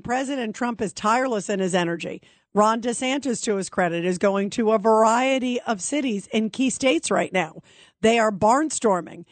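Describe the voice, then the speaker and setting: Female talk-radio host, fairly high voice, dry close mic; emphatic, opinionated delivery. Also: dry recording. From Brooklyn, New York. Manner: emphatic, opinionated, takes calls.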